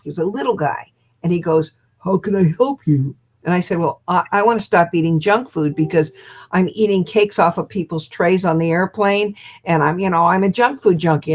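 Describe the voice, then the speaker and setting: Lively older woman telling a story. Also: on the low side. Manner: lively storyteller who acts out quotes and laughs. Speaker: guest hypnotist. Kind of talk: animated storytelling in an interview.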